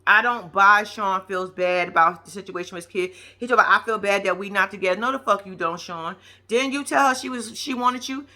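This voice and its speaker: Female vlogger: higher, bright, edgy voice; blunt, cussing reaction commentary. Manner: blunt, profane, talks straight at the characters.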